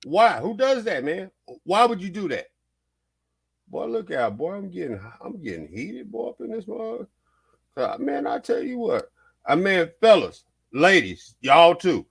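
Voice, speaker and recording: A man's voice: high-pitched, a little slow, creaky, husky. A man hosting a vlog, giving casual, heated reaction commentary, repeating himself and swearing as he riffs. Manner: animated, repetitive, swearing, heated. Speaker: vlog host.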